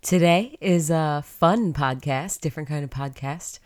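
A woman's voice: low voice, measured pace, darkish tone. A woman hosting a podcast, upbeat and chatty, sounding stuffed up from a cold. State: congested with a cold. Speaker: podcast host. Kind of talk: motivational podcast monologue.

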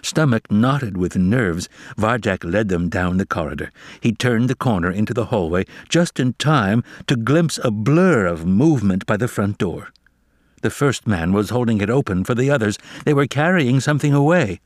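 A man reading a children's novel aloud as narrator, with expressive, dramatic storytelling. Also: lowish voice, moderate pace, no echo, clean studio sound.

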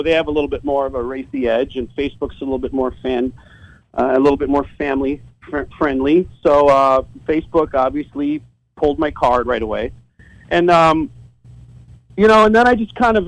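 Guy ranting on a podcast from his home office, high voice, all over the place, cussing a lot, dry close sound. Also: brisk, no room sound, rough recording. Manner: profane, animated storytelling with laughs. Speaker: guest, site owner. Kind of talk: casual podcast interview.

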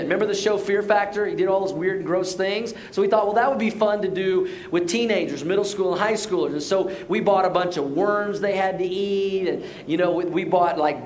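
A middle-aged man preaching a sermon, telling stories with restarts and dropping soft and low for serious points. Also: slight background noise. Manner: storytelling, repeats words as he restarts. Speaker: pastor.

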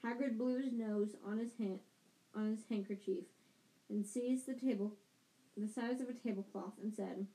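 A woman's voice: mid-range voice, steady tone, normal speed, warm tone. A woman reading a book aloud as an amateur reader, often stumbling and correcting herself. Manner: reads with frequent restarts and self-corrections. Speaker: audiobook reader.

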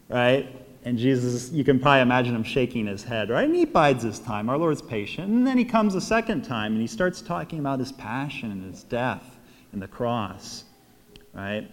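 A man with an American accent, a priest giving a homily, an animated storyteller who acts out quotes and laughs often. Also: mid-range voice, moderate pace, big-room sound. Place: church.

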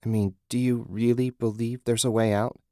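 A man's voice: mid-range voice, level tone, normal speed, mellow, dry recording, studio quality, pitched above the performer's own voice, lightly acted. A man voicing a weary, sarcastic young woman who has survived a nightmare, speaking bitterly in an audiobook. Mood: weary, despairing. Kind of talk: audiobook character voice.

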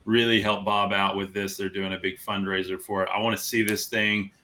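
Male podcast host, enthusiastic and affirming, bright tone. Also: lowish voice, little pitch movement, brisk, poor audio. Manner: enthusiastic, affirming, lots of fillers. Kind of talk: casual podcast chat.

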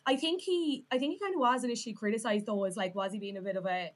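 A woman's voice: a little high, quick pace. A young woman with an Irish accent, chatting as a podcast guest, her talk full of "like" fillers. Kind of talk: casual chat.

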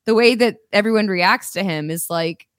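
A woman co-hosting a podcast in casual chat, animated and acting out quotes. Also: mid-range voice, normal speed, no room sound, clean studio sound. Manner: animated, acts out quotes with laughs. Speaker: podcast co-host.

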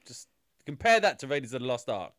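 A man's voice: medium pitch, very animated, fast talker, fairly bright tone. A man rants about a film on a casual podcast. He rambles, swears freely and sounds exasperated, and his voice is close and dry with no room echo. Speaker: film reviewer.

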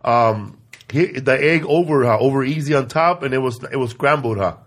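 A man's voice: medium pitch, normal speed. A man hosting a podcast in casual chat, talking in slang and saying "bro" all the time. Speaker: podcast host.

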